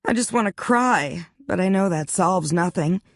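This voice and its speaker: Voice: mid-range voice, expressive, normal speed, no room sound, studio quality, pitched above the performer's own voice. Narrator doing Pippa, a rueful anxious young woman.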